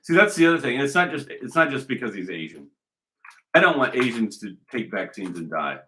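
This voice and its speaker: A man's voice: mid-range voice, very animated, brisk, bright, forceful tone. A man giving a rambling, argumentative monologue, talking emphatically and repeating himself. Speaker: commentator.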